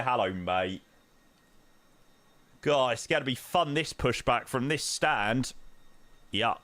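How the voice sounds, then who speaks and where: A young man chats through a flight-sim stream with a lively, bouncing pitch and an unhurried pace. He slips in slangy banter as he reads chat and plans the next leg. His voice sounds dry and close, with no room around it. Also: no echo. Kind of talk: casual live-stream chat.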